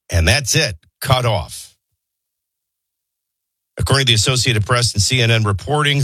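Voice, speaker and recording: A man's voice: lowish voice, fairly bright tone, dry recording. A man hosting a morning radio show, reading the news with opinionated, sardonic asides. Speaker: radio talk show host.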